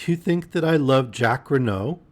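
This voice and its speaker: A man's voice: mid-range voice, expressive, a little slow, voice pushed up, close to an everyday voice. A man reading aloud and voicing a distraught young woman in love, her voice pleading and breaking. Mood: whispering.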